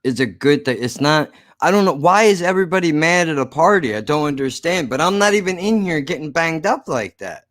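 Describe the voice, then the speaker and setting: A man's voice: fairly high pitch, expressive, fairly quick, hardly any pauses, a bit bright, no room sound, studio quality. A man hosting his own podcast, ranting casually with slurred speech and lots of swearing. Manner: slurred, profane, rambling. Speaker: podcast host. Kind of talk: casual rant to listeners.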